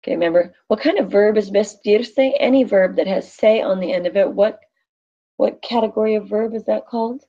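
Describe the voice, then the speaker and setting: Gravelly-voiced woman teaching a class. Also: medium pitch, brisk, lo-fi sound. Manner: thinks aloud, quizzes the class. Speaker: Spanish teacher.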